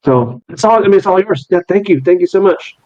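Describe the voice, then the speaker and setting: A man's voice: high voice, animated, a little fast, a little mellow, slight background noise, pitched above the performer's own voice. A man voicing a wealthy male cat owner who dotes on his pet and gushes over it, on slightly muffled audio. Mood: grateful.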